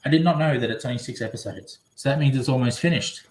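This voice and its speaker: A man from Australia talks casually on a live stream, rambling from one thought to the next as he answers viewers' comments. His voice sits at a middle pitch, and the room around him is echoey. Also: fast talker. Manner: rambling, chatty, reading comments aloud.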